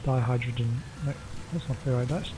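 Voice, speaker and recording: A man's voice: mid-range voice, fairly quick, background noise. A man streaming a game, chatting casually and reading on-screen text aloud as he plays. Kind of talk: casual gameplay commentary.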